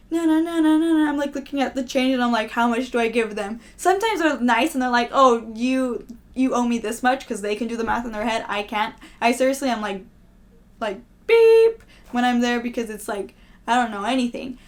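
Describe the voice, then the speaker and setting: A young woman vlogger in casual, rambling, self-deprecating chat to camera, often laughing. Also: a little high.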